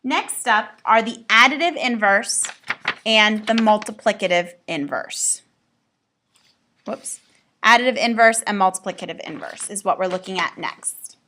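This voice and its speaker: Bright-voiced woman teaching math. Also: mid-range voice, measured pace, slight background noise. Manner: upbeat, playful asides to students. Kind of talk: recorded classroom lesson.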